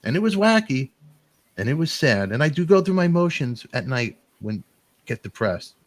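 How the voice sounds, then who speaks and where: A middle-aged man hosting a talk show, rambling through animated, emotional storytelling and quoting friends. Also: medium pitch, normal speed, no echo. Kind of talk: emotional casual chat.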